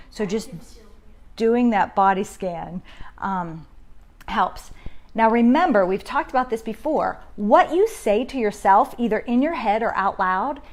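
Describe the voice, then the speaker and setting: A woman's voice: medium pitch, animated, a little slow. A woman in her thirties hosting a casual parenting live stream from home on her phone, talking conversationally and acting out inner self-talk. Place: home, indoors. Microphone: phone camera.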